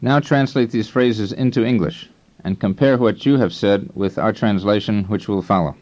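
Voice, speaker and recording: Calm male instructor on old tape. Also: lowish voice. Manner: calm, measured teaching tone. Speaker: language course instructor. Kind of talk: scripted language lesson narration. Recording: dull lo-fi tape recording.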